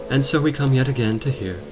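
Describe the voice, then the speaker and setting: A man rambling and joking as he commentates his own gameplay, drifting from topic to topic. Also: mid-range voice. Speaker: let's play commentator. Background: video game music.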